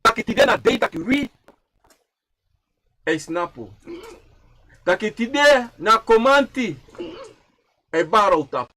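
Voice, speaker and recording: Animated man, high lively voice. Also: unhurried, pauses often. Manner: repetitive, chanting phrases, swinging from loud to hushed. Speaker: livestream speaker.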